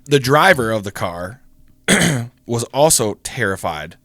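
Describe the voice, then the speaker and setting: A young man co-hosting a podcast, telling a story in a casual, animated way, swearing often and acting out the voices of people in it. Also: mid-range voice, slow, no room sound. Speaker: podcast co-host.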